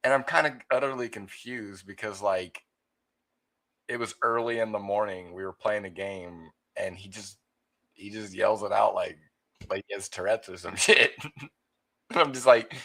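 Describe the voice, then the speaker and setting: Rambling low-voiced man, chuckling. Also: moderate pace, pushed and bright. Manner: rambling, self-interrupting, laughs at his own jokes. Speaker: panel guest. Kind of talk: casual chat.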